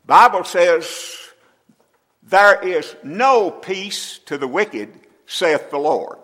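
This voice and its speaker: An older man preaching a sermon in a folksy way, often clearing his throat between phrases. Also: sits high, animated, drawn-out words, pushed and bright. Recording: long hall reverb.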